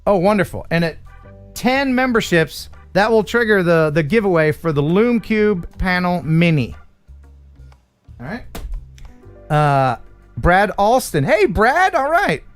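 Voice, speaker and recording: A man's voice: high voice, lively intonation, a little slow, long pauses, smooth, soft background music. A man from Alabama with an Alabama accent, hosting a live stream chat and laughing often. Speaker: host.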